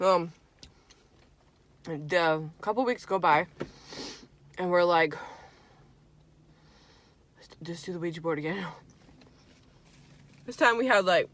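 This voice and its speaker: Bright-voiced young woman telling a story. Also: lowish voice. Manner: animated, swearing, dramatic storytelling. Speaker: vlogger. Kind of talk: casual storytime while eating.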